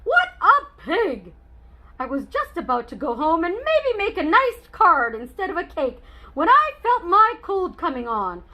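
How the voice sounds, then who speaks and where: A woman's voice: extremely high pitch, very animated, a little slow, pushed and bright, exaggerated voice, rough recording. A woman reading a children's book aloud as a chatty, wry male wolf telling his side of the story.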